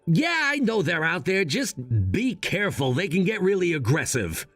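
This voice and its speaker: A man acts out a firm young adult son who lays out his case coolly. His voice is high for a man and swings up and down a lot. It sounds dry and close, with faint music behind. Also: big pitch swings, normal speed, a bit bright, dry recording, full character voice. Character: cold, unbending adult son. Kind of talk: scripted drama voice-over.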